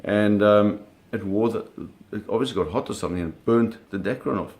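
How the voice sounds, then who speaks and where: A middle-aged man with a slightly low voice casually recounts a fishing trip, talking a little fast. He's animated, throwing in sound effects and acted-out quotes, and his pace and energy rise and fall as the story unfolds.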